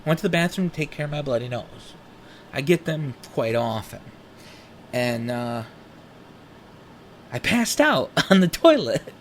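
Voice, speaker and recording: A man's voice: fairly high pitch, measured pace, pauses often, slight background noise. A young man telling a personal story in a candid, profane, casual way. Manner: candid, profane, animated retelling. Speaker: podcast host.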